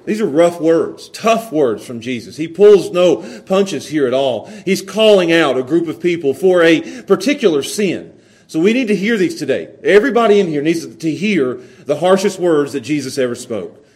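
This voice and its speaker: A man's voice: a little high, expressive, moderate pace. A man preaching a sermon in a church, earnest, often repeating and restarting words. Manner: earnest, builds from quiet prayer to emphatic preaching. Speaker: pastor. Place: church sanctuary.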